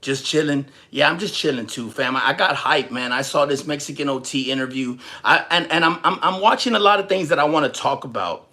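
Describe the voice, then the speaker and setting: Brisk and barely pausing, a young Texas livestreamer with a fairly high-pitched voice rambles on profanely. He's animated and casual, joking with the people watching and chatting right back at them.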